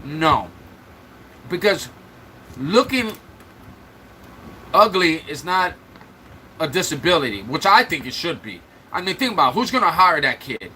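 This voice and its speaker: A man's voice: fairly high pitch, big pitch swings, measured pace, long pauses, pushed and bright, slight background noise, poor audio. A man hosting a livestream, trash-talking and mocking commenters in loose, joking banter. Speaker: livestream host. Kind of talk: mocking live-chat banter.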